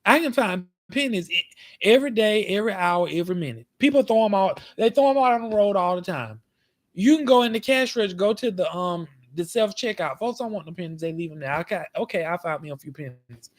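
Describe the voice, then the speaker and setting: A man hosts his own show with a sassy, animated storytelling style. His pitch rises and falls widely as he talks straight to his listeners. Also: brisk. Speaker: show host. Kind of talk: comic storytelling monologue.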